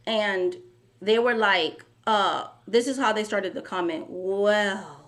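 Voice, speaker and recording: A woman's voice: mid-range voice, a little slow, a bit bright. A young woman tarot reader talking to camera in a casual vlog, indignant and emphatic, pressing her points with pointed rhetorical questions.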